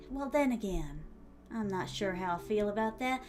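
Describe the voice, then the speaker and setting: A woman's voice: medium pitch, animated, moderate pace, a little mellow, faint music behind. A woman streamer musing aloud as she writes, trying out words and chatting casually with her viewers.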